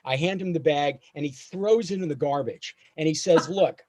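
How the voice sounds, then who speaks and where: A man doing a storytelling stand-up set over a video call, acting out his father's lines. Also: normal speed. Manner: animated, acts out his father's lines in a higher voice. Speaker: stand-up comedian.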